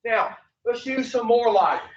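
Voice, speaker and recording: A man's voice: very high-pitched, measured pace. Man, recovery counselor; blunt, profane group lecture full of rhetorical questions; distant, muffled, roomy recording. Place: echoey group room. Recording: distant, echoey, dull room recording.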